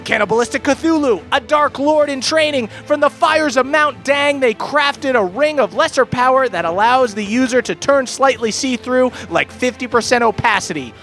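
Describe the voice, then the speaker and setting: Male podcast host, voice nearly gone and hoarse, pitched very high; comedic shout-out read with a light music bed. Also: normal speed, few pauses. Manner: playful, jokey delivery. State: hoarse, lost voice. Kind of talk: comedic patron shout-outs.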